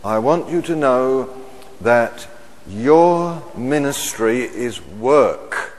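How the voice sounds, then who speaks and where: A middle-aged man preaching a sermon, measured and emphatic, repeating his key phrases. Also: medium pitch, expressive, a little hiss or hum. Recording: long hall reverb.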